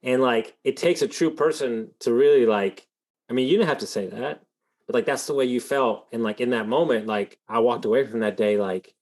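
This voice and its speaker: A man hosting a podcast, telling a story in a rambling, animated way, full of fillers and swearing. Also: mid-range voice, normal speed. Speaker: podcast host. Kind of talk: casual storytelling in an interview.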